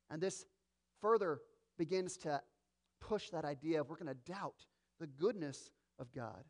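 A male pastor preaching a sermon, expressive and dramatic, acting out quoted voices as he teaches. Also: high-pitched.

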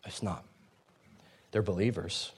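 A man preaching a sermon in a conversational, animated way, often restarting his sentences and stepping aside to explain. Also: deep voice, measured pace, a little hiss or hum. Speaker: pastor.

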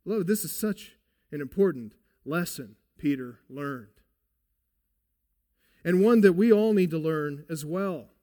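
A man delivers a sermon in a slow, deliberate cadence. His voice sits a little high for a man, and he presses his points home with earnest, emphatic questions. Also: animated, dark tone, big-room sound. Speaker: pastor.

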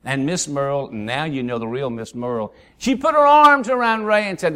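A man's voice: on the high side, normal speed, few pauses, clear, resonant tone. A man preaching a sermon and telling a humorous story, acting out the voices of the people in it. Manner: folksy storyteller, acts out voices, lively. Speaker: pastor.

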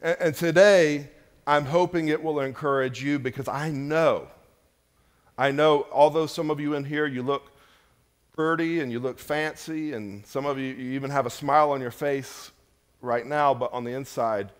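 A pastor preaching a sermon in church, rising to loud emphatic peaks and dropping to hushed, low lines. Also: male voice, steady tone, moderate pace.

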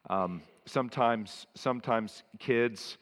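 A man's voice: mid-range voice, slow pace, a bit bright, in a large hall. A man preaching a sermon as a pastor, stressing and repeating key phrases.

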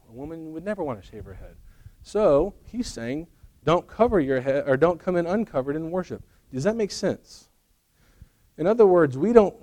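A pastor with a mid-range, somewhat dark voice delivers a sermon. This middle-aged man preaches conversationally, tossing joking asides to the congregation.

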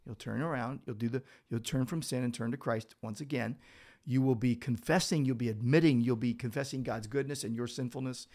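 Man, pastor, lively Bible chat. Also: medium pitch, fairly quick. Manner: animated storytelling, acts out quoted speech. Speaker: pastor and podcast host. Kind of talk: casual Bible discussion.

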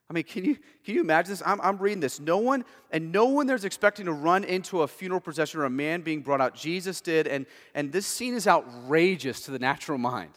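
Earnest pastor preaching in a reverberant hall. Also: male voice, on the high side. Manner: conversational, swings from hushed to emphatic. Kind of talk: sermon.

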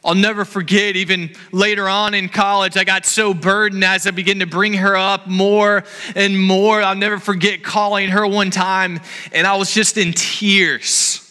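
High, bright-voiced man preaching with passion. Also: flat delivery, normal speed, smooth, big-room sound. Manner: earnest, impassioned preaching. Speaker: pastor. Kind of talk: sermon. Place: church hall.

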